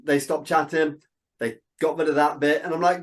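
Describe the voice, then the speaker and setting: A man's voice: on the high side, moderate pace. Chatty man telling stories. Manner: animated storyteller, quotes people in dialogue. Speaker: interview guest, filmmaker. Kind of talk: casual interview chat.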